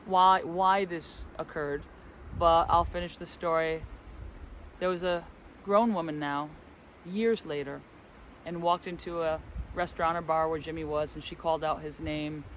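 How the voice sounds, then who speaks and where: Out in a windy forest, a man co-hosting a spiritual travel vlog casually rambles through a story, acting out the dialogue as he goes. His voice is fairly high and a bit bright. The low-quality recording picks up light wind and outdoor background noise.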